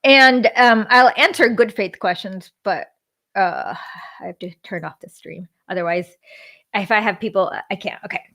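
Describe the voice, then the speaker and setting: A woman's voice: medium pitch, moderate pace, fairly bright tone. A woman hosting a livestream, reading a book aloud and breaking off for chatty asides and self-corrections.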